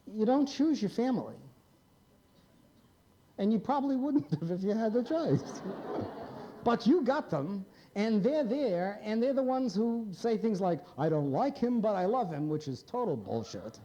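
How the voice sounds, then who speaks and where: A man's voice: high-pitched, very animated, a little slow, dark tone, dull audio. A man in his fifties, a psychiatrist, giving a blunt, wry lecture to a live audience and prodding them with questions. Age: 50s.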